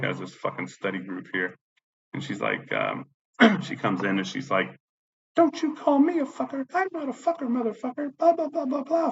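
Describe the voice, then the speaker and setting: In casual spoken storytelling, a man who is a disabled veteran rambles profanely through a long personal story and keeps repeating himself. He speaks in a mid-range voice with a fairly bright tone, captured on a dull lo-fi recording with faint noise behind him.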